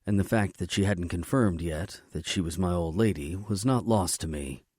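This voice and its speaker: Low, mellow male audiobook narrator. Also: normal speed, slightly rough, no echo, studio quality. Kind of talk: first-person romance audiobook narration.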